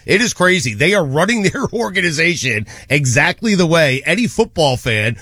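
A man's voice: fairly high pitch, big pitch swings, moderate pace, sharp tone, breathy edge, no echo, clean studio sound. A man hosting a sports radio show in a casual talk, drawling and dropping fillers as he goes.

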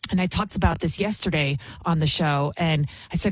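A woman's voice: fairly low pitch, expressive, normal speed, few pauses, breathy edge, dry recording. A woman host giving heated, emphatic opinion commentary on her show, repeating points for emphasis.

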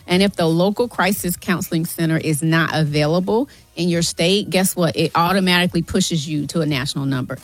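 A woman's voice: lowish voice, brisk, few pauses, no room sound. Earnest pleading woman on studio mic. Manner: earnest, pleading, addresses listeners as y'all. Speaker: guest, mental health advocate. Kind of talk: emotional radio interview. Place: radio studio.

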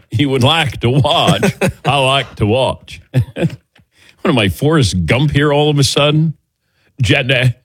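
A man's voice: mid-range voice, no room sound. A man hosting a morning sports talk show, joking with his crew and reading sponsor plugs in a casual studio chat. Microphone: studio mic.

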